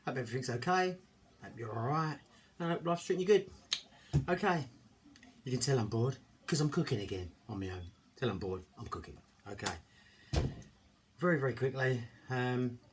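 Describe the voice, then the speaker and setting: Jokey, rambling home-cooking vlogger, middle-aged, faint room noise. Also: male voice, mid-range voice, moderate pace, long pauses. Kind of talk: casual chat to camera. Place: home kitchen, indoors. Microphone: camera mic.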